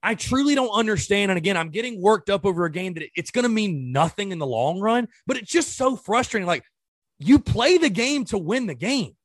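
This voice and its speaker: A man's voice: sits high, lively intonation, a little fast, no room sound, studio quality. A man hosting a sports podcast, ranting in an exasperated way and firing off rhetorical questions in casual commentary.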